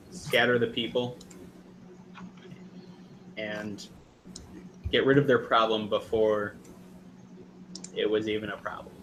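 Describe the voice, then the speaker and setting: A man running a tabletop game as game master, narrating hesitantly with many pauses and fillers. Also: on the low side, fairly bright tone, slight background noise.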